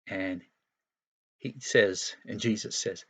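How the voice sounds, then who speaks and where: A man's voice: fairly low pitch, takes it slowly, a bit bright, breathy edge. A man teaching Sunday school, retelling a Bible story for young children in a folksy, explanatory way with frequent asides.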